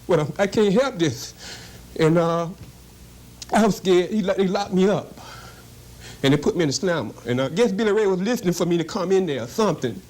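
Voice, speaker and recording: A man's voice: sits high, animated, fairly quick, a little mellow. A man recounting an old arrest, retelling the dialogue line by line. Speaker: former defendant recounting arrest. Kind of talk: emotional first-person recollection.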